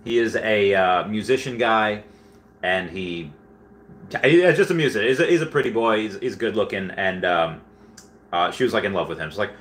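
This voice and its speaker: Chatting casually on his livestream, this young man reads out viewer comments and wanders through self-deprecating stories full of fillers. His pitch is fairly low, his delivery sing-song and brisk, and his tone fairly bright.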